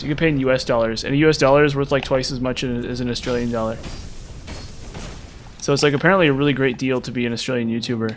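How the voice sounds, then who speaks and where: A man's voice: mid-range voice, slight background noise. A man giving casual, rambling gameplay commentary as a streamer, chatty and full of filler words. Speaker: game streamer.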